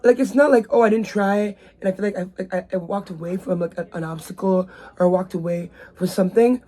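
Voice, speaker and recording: A woman's voice: medium pitch, fairly quick, dark tone. A woman hosting her own vlog, talking casually and rambling from a bedroom with lots of fillers. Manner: rambling, chatty, many fillers. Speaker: vlogger host. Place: bedroom indoors.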